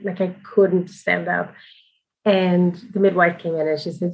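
A woman recounting a personal experience in a loose, candid way, laughing easily and wandering into asides. Her voice sits a little lower than most women's. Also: steady tone, normal speed, low-quality recording. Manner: candid and chatty, laughing often, frequent asides and fillers. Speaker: mother telling her birth story. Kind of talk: casual personal storytelling.

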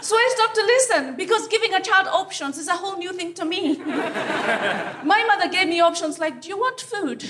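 High, lively woman doing stand-up. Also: moderate pace, background noise. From Africa. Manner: deadpan punchlines with playful crowd work. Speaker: stand-up comedian. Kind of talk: live stand-up set. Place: theatre stage before a live audience.

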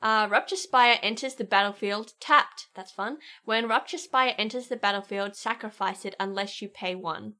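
A woman co-hosting a casual worldbuilding podcast. She giggles often and adds quick asides while reading aloud. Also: mid-range voice, sharp tone. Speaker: podcast co-host.

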